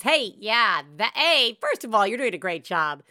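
Bright-voiced woman podcast host. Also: fairly high pitch, normal speed, hardly any pauses, no echo, studio quality. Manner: animated, laughs often, shouts quoted lines. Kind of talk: casual podcast chat. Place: home.

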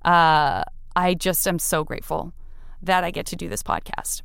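Speaking at a normal pace, this woman has a fairly low, creaky voice that's still fairly bright, clear and resonant, with no room sound. She hosts a podcast, chatting casually and earnestly through an interview and member appeal, and turns tearful while thanking listeners.

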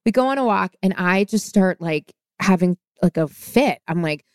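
Animated woman telling a story, smooth voice. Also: fairly low pitch, moderate pace, no room sound, clean studio sound. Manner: animated, acts out quoted voices. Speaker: podcast guest. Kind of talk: casual storytelling.

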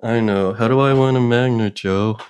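A man co-hosting a comedy podcast over a video call, making dry, low-key quips. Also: steady tone, normal speed, a little mellow, clear, resonant tone. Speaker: podcast co-host.

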